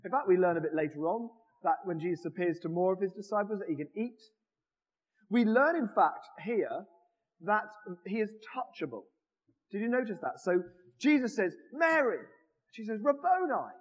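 A man giving a conversational, animated sermon in a church, joking with the congregation as he goes. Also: sits high, normal speed. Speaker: preacher. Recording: reverberant church hall.

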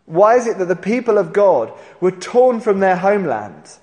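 A man preaching a sermon, telling the story in an animated way and acting out the voices of the people in it. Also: sits high, moderate pace. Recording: long hall reverb.

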